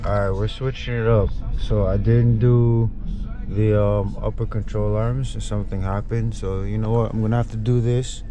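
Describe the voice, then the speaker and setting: A man doing a casual car vlog, talking excitedly and repeating himself as he shows off his truck. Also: on the low side, moderate pace. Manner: excited, hyped, repeats phrases. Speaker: car vlogger. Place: in and around a truck outdoors. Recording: outdoor street noise behind.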